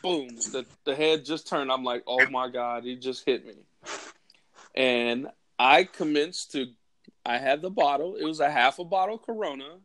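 A man telling a wild story in casual chat, animated and laughing often, with crude slang. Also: medium pitch, unhurried.

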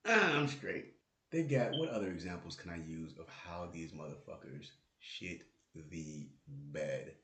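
A man's voice: low voice, unhurried, few pauses, noisy background. A man hosting his own podcast, in a casual, profane, joking rant about basketball. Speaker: podcast host. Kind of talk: casual solo basketball talk. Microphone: close podcast mic with plosive pops. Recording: roomy, echoey room.

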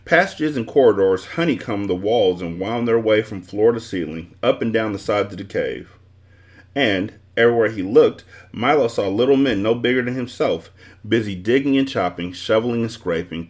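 A man's voice: on the low side, moderate pace. A man reading a children's novel aloud as the host of a book club show.

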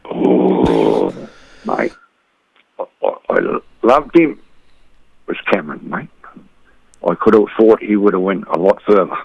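A man's voice: sits low, wildly swooping pitch, slow pace, gravelly, pauses often, a little mellow, husky, dry recording, muffled recording. A middle-aged Australian man chatting casually as an interview guest, rambling a little and dropping "mate" into nearly every sentence. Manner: rambling, says "mate" constantly, blokey banter. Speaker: boxing community volunteer, interview guest.

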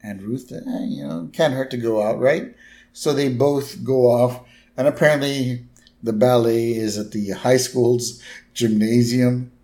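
A man co-hosts a podcast, retelling a cartoon plot in an easygoing way. He drops wry comments between the story beats. His voice sits at an ordinary middle pitch. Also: fairly even intonation, unhurried, mellow. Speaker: podcast co-host. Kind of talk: casual chat recapping a cartoon episode.

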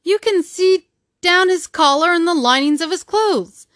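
A man's voice: very high voice, unhurried, dry recording, studio quality, voice pushed up. A woman reading the part of a startled village man who exclaims at an empty suit of clothes. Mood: astonished. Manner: excited, exclaiming.

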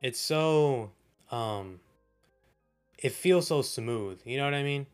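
A man's voice: mid-range voice, lively intonation, slow pace, clear, resonant tone, soft background music. A young man from the American South co-hosting a podcast, chatting casually and laughing often. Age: young adult. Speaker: podcast co-host. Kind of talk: casual chat.

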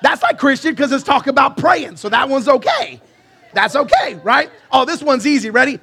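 A man preaches to his church with a high, ringing voice. He jokes with the congregation, calls for answers and sings short snippets of songs, speaking with a bright edge. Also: moderate pace, gravelly, soft background music. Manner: lively, banters with the congregation and sings song snippets. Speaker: pastor. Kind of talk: live sermon. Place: church sanctuary.

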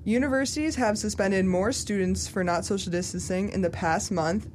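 A young woman co-hosting a casual podcast, talking with lots of fillers and quick asides. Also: medium pitch, darkish tone, slight background noise. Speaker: podcast co-host.

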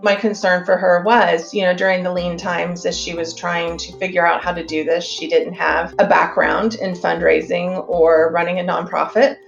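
A woman's voice: lowish voice, little pitch movement, moderate pace, vocal fry, few pauses, muffled recording, soft background music. A woman in an interview, speaking in a thoughtful, concerned way.

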